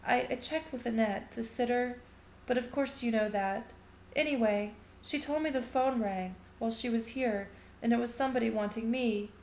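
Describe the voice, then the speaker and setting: A woman's voice: a little high, normal speed, darkish tone, slight background noise, natural voice. A woman voicing a distracted, anxious mother who talks in a fretful, apologetic way, in a story reading in an echoey room.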